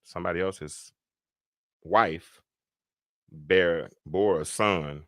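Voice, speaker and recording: A man preaches a Bible lesson over a livestream. His low voice jumps into high, loud emphasis and then drops to mumbled side comments. The recording is dry and close. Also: extremely slow, dry recording. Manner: swings between loud preaching and quiet muttered asides. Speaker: preacher and podcast host. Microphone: computer mic on a livestream.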